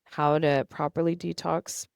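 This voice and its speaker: A woman's voice: low-pitched, flat delivery, a little slow, vocal fry, clean tone, no echo. A young woman, a podcast guest, telling her personal story earnestly and emotionally, acting out past conversations. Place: studio.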